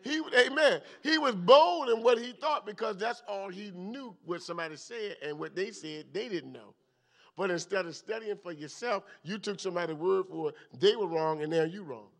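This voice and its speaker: A high-pitched man preaching at a midweek Bible study. He talks in an animated way, leaping from loud hallelujahs to quiet, low asides. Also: normal speed. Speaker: pastor.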